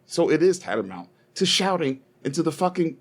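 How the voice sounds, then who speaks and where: A man's voice: on the high side, big pitch swings, a little fast. A young man co-hosting a casual podcast, rambling and swearing as he argues and tells stories. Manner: profane, rambling, heated storytelling. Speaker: podcast co-host.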